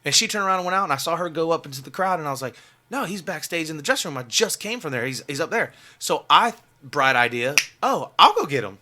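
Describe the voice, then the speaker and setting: A man's voice: on the high side, animated, fast, bright, forceful tone, slight background noise. A man, a musician guest on a radio show, telling a story casually and animatedly, full of fillers and laughter.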